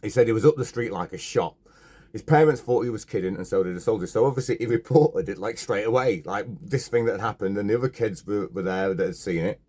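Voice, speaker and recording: A man's voice: fairly low pitch, quick pace, a little mellow, slightly rough. A man co-hosting a casual podcast, retelling a story with a joking, chatty manner and plenty of fillers. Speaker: podcast co-host.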